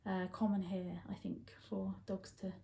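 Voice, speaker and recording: An Englishwoman chats casually, laughing easily and stopping often for ums and restarts. Her voice sits in a middle pitch range. It is recorded in a roomy space with audible echo. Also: little pitch movement, normal speed, gravelly, warm tone. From England. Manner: chatty, laughs often, many fillers. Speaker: guest. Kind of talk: casual chat.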